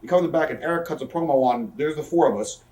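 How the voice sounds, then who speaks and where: Fast-talking profane man, echoey room. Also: a little high, a little mellow, recorded from a distance. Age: 30s. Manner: profane, rapid storytelling that acts out quoted people. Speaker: interview guest, wrestler. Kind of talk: casual storytelling in a shoot interview. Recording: roomy echo, speaker off-mic.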